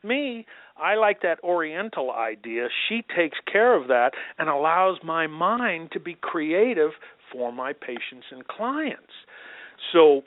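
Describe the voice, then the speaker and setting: Animated man over a tinny phone line. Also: a little high, slow pace, no room sound. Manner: animated storyteller, acts out quoted voices. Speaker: doctor and podcast guest. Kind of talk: conversational interview answers. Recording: phone-like dry remote line.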